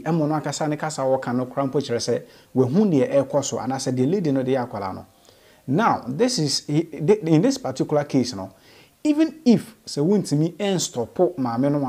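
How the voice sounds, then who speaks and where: A man's voice: medium pitch, dark tone, breathy edge. A man with a Ghanaian accent hosting an entertainment news show, giving earnest commentary that mixes English and Twi and repeats key phrases.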